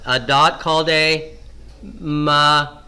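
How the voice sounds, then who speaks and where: A man lectures on Hebrew grammar at an unhurried pace. His voice is bright and clear, and he poses questions before answering them himself. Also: medium pitch. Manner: asks questions and answers them himself, repeats key forms. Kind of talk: classroom lecture.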